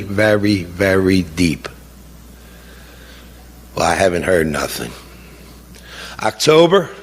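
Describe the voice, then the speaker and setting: A middle-aged man speaking as a grieving father in an impassioned speech, halting with fillers at times and indignant at others. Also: medium pitch, a bit bright. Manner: indignant, rising to heated outbursts. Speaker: grieving father giving a talk.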